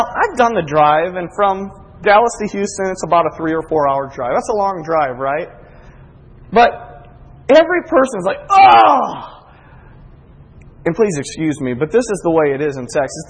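A man preaching a sermon as a pastor, his voice rising to emphatic peaks and dropping to hushed, intimate asides. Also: sits high. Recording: husky voice with long reverb of a large hall.

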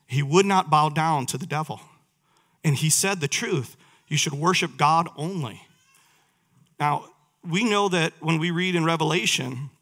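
This preacher's voice sits on the high side, bright and forceful. He reads scripture aloud during his sermon and puts questions to the people listening.

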